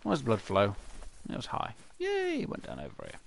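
A man's voice: mid-range voice, huge pitch swings, a little fast, creaky, slight background noise. A man chatting to himself over gameplay, rambling and answering his own questions in silly voices. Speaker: gaming channel host. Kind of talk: casual gameplay commentary.

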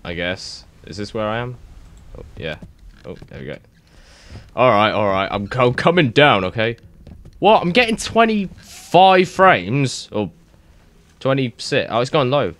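A young man giving excitable, rambling let's-play commentary, swearing and thinking aloud as he plays. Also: medium pitch, a little slow, pauses often. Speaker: gaming YouTuber.

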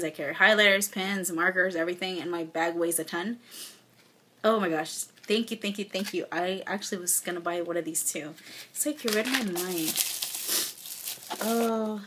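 A woman's voice: lowish voice, fairly bright tone, a little hiss or hum. A young woman vlogging as she unboxes a gift package, gushing and effusive, often close to tears. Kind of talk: casual unboxing vlog. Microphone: phone or camera mic.

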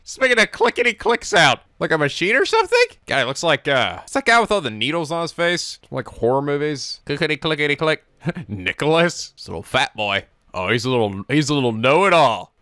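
An excitable man reacting out loud to an anime episode, laughing and exclaiming often. His voice is bright and fairly high, swinging widely in pitch. The sound is dry and close. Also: brisk, no echo.

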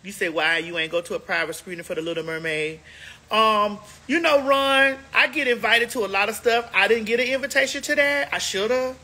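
Bright sassy woman chatting on a live. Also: medium pitch, steady tone. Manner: sassy, chatty, drawn-out emphatic talk. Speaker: livestream host. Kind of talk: casual livestream chat.

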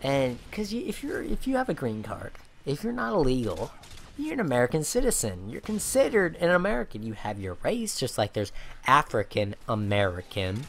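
A man's voice: medium pitch, sing-song, moderate pace, a little hiss or hum. A young man in his late teens, a YouTuber ranting in a rambling way, full of fillers and restarts. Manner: rambling, many fillers and restarts, says "dude". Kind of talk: ranting vlog over gameplay.

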